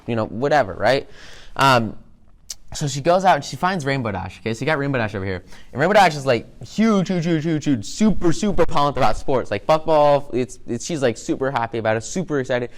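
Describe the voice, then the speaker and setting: A man's voice: mid-range voice, expressive, brisk. A man giving an upbeat, rambling motivational talk with lots of energy. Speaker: motivational speaker.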